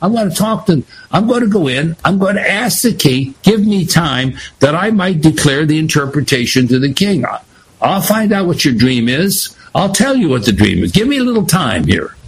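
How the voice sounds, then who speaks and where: A man with a husky voice voicing a bold young prophet who asks urgent, pleading questions. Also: on the high side, big pitch swings, moderate pace, heavily acted, poor audio. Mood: earnest.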